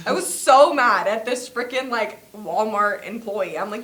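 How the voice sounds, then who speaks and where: A young woman talks in a casual podcast chat with a bright voice of ordinary pitch. She tells stories animatedly, full of filler words, and acts out the lines of the people in them. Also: fast talker, hardly any pauses. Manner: animated storyteller, many "like" fillers, acts out quotes. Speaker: podcast co-host.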